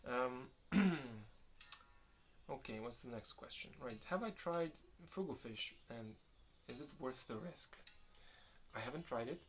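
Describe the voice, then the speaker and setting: A young man with a medium-pitched voice talks unhurriedly, a slight hiss or hum audible in the recording. In this casual vlog Q&A with viewers, he rambles, restarts sentences frequently, and stays relaxed and candid.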